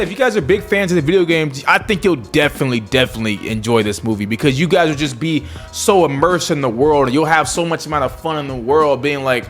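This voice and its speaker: A man's voice: on the high side, a little fast, hardly any pauses, a bit bright, faint music behind. A man giving a casual spoken movie review, chatty and loose, with lots of fillers and repeated words.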